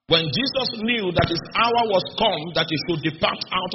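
A man delivers a teaching sermon with a slightly high voice, hammering home key phrases by repeating them and stopping often to ask whether his listeners are still with him. The sound is dull and lo-fi, with steady background noise and a long reverb from a large hall. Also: moderate pace, hardly any pauses. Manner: repeatedly checks in with the audience. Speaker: preacher. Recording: dull, noisy recording in an echoey hall.

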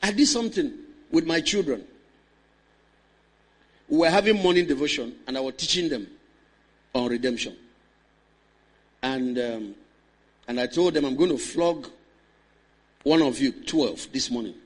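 A man preaching a sermon, swinging between loud, impassioned declaration and hushed storytelling, and calling on the congregation to respond. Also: mid-range voice, husky.

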